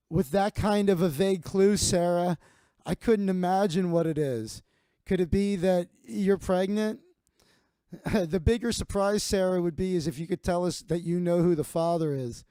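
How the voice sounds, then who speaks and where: A man's voice: high voice, normal speed, mellow, clean tone, no echo, studio quality. A man hosting a livestream comedy monologue, telling stories in a crude, rambling way full of asides. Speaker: comedian host.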